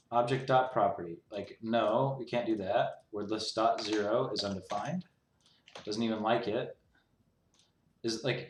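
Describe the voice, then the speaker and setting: A young man rambling and exasperated as he talks through his own code in a casual way, leaning on "like" constantly. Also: fairly low pitch. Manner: exasperated, rambling, heavy use of "like". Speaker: programmer streaming his coding. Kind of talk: casual talk-through while coding. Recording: roomy echo.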